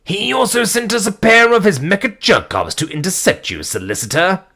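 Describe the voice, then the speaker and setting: A man's voice: high voice, animated, moderate pace, vocal fry, pushed and bright, pitched above the performer's own voice, heavily acted. A man voicing an officious male cyborg guard, speaking stiffly. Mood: stern.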